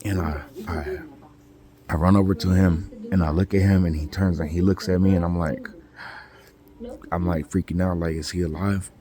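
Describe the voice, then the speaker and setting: A man's voice: sits low, steady tone, normal speed, pauses often, warm tone. A man from California telling a personal story in a casual, rambling way, full of "like" and "you know". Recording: crowd chatter clearly audible behind.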